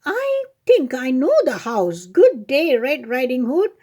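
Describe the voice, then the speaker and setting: Woman putting on a cruel greedy wolf, storybook, coaxing, high mellow voice. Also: wildly swooping pitch, slow, exaggerated voice. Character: sly, greedy male wolf, cruel and fake-gentle.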